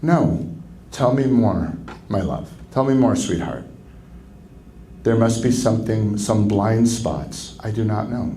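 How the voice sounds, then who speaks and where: A man speaking as a marriage counselor at a conference, lecturing in an animated way and acting out quoted speech with sharp jumps in pitch. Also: a little hiss or hum, rough recording. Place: conference venue.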